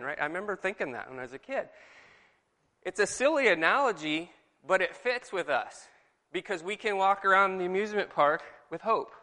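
A man leading a conversational Bible lesson, asking his group questions in a lively, animated way. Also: high-pitched, a little fast, in a large hall. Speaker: Bible study leader. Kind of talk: conversational sermon.

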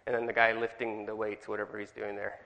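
Bright-voiced Californian man leading a study. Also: lowish voice, completely flat delivery, quick pace, creaky, long reverb tail. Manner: chatty, asks the group questions. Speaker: Bible study leader. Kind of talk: teaching a church study group.

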